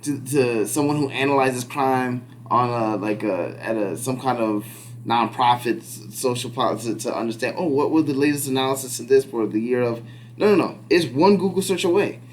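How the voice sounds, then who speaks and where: Podcast guy rambling and restarting, animated, acts out quotes, faint hum behind. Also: medium pitch, moderate pace. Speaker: podcast co-host. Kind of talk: casual chat.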